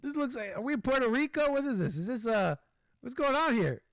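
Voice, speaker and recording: A man hosting a casual livestream, chatting loosely with his viewers and reacting to a video in an animated, rambling way. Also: very high voice, fairly quick, dry recording, clean studio sound. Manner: animated, rambling, talks to chat, mock-singing asides. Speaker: livestream host. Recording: music playing behind the voice.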